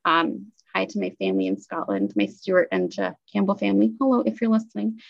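A woman's voice: medium pitch, fairly quick, gravelly, dull audio. A woman from Canada co-hosting a book podcast, chatting enthusiastically and rambling with fillers and asides. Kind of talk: casual book review chat.

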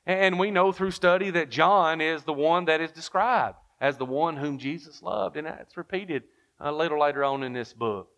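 A man's voice: fairly high pitch, normal speed, fairly bright tone. A man preaching a sermon, telling the story with lots of rhetorical questions and reading King James verses aloud.

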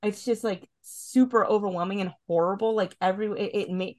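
A woman's voice: mid-range voice, steady tone, brisk, darkish tone. A woman hosting a podcast in casual, chatty talk, full of fillers and swearing freely. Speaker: podcast host. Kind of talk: casual podcast recap chat.

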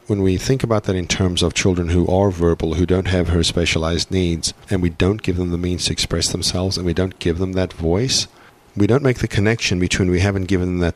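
A man's voice: low-pitched, steady tone, brisk, hardly any pauses. A man, a parent and podcast guest, explaining his views earnestly in a reflective conversational way, often restarting his sentences. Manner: earnest, thinks aloud with restarts.

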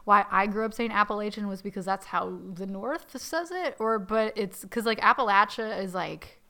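A woman co-hosts a podcast and teases her partner in quick back-and-forth. Her voice is bright and tense, at a middle pitch. The talk is casual. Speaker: podcast co-host. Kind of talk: casual chat.

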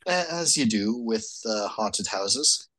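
A man's voice: on the low side, animated, slow, fairly bright tone, dry recording. A man co-hosting a podcast who answers in casual film chat with dry, wry interjections and frequent laughter. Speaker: podcast co-host.

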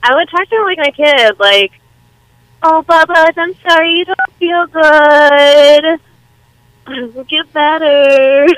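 Brief: young woman caller, giggly, hesitant, slow, very high and bright voice. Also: a little hiss or hum, rough recording. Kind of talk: on-air call.

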